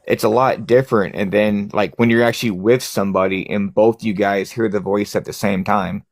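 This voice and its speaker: A man, a paranormal investigator, chatting casually and telling his investigation stories in an animated way. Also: fairly low pitch, moderate pace, gravelly, no room sound, studio quality. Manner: animated storyteller, acts out scared reactions. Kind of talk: casual chat.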